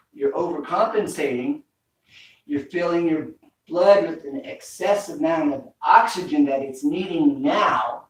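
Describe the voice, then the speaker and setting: A man's voice: on the high side, a little slow. A man teaching a home workout, coaching breathing with repeated cues. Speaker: fitness instructor. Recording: echoey room, mic far off.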